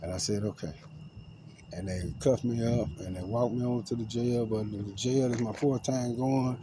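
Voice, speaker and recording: A man tells a rambling, profane, paranoid story outdoors, swinging between loud outbursts and low mutters. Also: steady tone, normal speed, background noise. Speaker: vlogger. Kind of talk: agitated personal storytelling to camera. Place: outdoors among trees.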